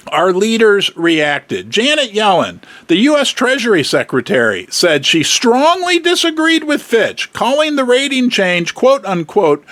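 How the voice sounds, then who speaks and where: A man's voice: high-pitched, a bit bright, no echo. A man hosting his own channel, talking casually to camera in an emphatic, exasperated way and firing rhetorical questions at his viewers. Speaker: host of a precious-metals channel.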